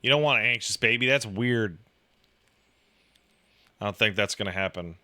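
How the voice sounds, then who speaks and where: A man with a lowish voice chats casually at a normal speed, rambling and profane. He packs his speech with "like" and other fillers and acts out the voices in his lively stories.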